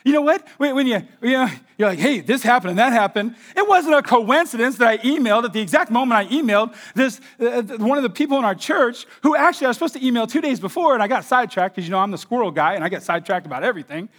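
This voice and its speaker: A man preaching a sermon as pastor, swinging between hushed, slow passages and loud, excited stretches where he acts out imagined voices and repeats his words. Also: extremely high pitch.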